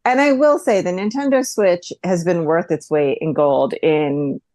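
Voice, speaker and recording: Woman co-host, very low voice, dry close sound, measured conversational chat. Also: darkish tone, no echo. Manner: conversational, laughs easily, measured. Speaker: podcast co-host. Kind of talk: casual chat.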